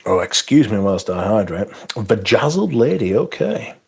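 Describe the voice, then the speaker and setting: This fragrance-reviewing livestream host has a lowish, gravelly voice with a breathy edge, and he's very animated while keeping a normal speed. He rambles casually, cracks crude and profane jokes, reads out what viewers comment, and keeps restarting himself.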